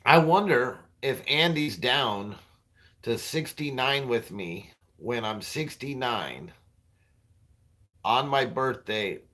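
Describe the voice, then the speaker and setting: A man's voice: medium pitch, animated, slow pace, a bit bright. A man in his forties hosting a livestream, rambling through crude jokes and chatting with viewers, often laughing at his own punchlines. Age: 40s. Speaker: livestream host. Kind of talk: crude stand-up style banter with viewers.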